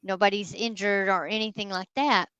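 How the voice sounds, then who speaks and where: A woman, a guest ghost hunter telling a story in casual, animated talk. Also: medium pitch, moderate pace, clean tone, no echo, lo-fi sound. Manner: animated, addresses listeners as y'all.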